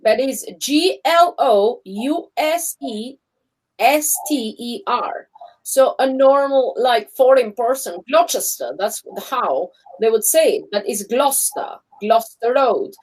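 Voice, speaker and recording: A woman from Albania with an Albanian accent, co-hosting a casual live-stream chat, animated and laughing often. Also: a little high, takes it slowly, poor audio. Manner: animated, laughs often, acts out quoted people. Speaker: co-host. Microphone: phone or webcam on a live stream.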